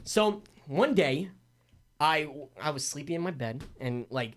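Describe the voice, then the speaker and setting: A man's voice: fairly high pitch, a little slow. A young man telling a wild story as an interview guest, acting out the voices of the people in it. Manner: animated storyteller, acts out voices, laughs. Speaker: guest, MMA fighter and announcer.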